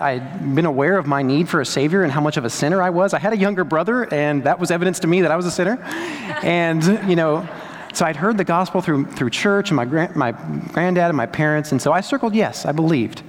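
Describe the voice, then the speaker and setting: Young man, pastor, chatty storytelling sermon, slightly high voice, reverb of a big hall. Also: fast talker. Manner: conversational storytelling preacher, lively asides.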